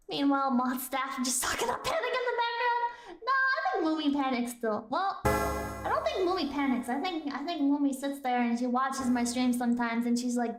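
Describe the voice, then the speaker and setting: Woman host, casual stream chat, high and bouncy, playful and giggly, roomy echo. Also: lively intonation, normal speed.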